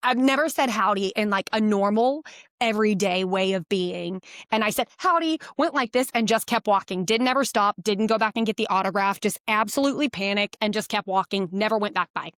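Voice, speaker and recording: A woman co-hosting a podcast in casual chat, telling quick, animated anecdotes and poking fun at herself. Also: medium pitch, no room sound, clean studio sound. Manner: animated, quick anecdotes with playful self-mockery. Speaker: podcast co-host.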